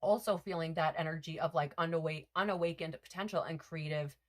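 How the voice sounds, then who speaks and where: A woman's voice: sits low, fairly even intonation, fairly quick. A woman giving a casual spiritual card reading, rambling with lots of fillers and self-corrections. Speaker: tarot reader.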